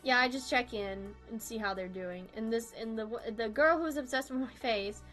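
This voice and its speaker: A woman's voice: a little high, normal speed, fairly bright tone, soft background music. A young woman in her twenties chatting casually on a drawing stream, rambling and self-deprecating, often laughing.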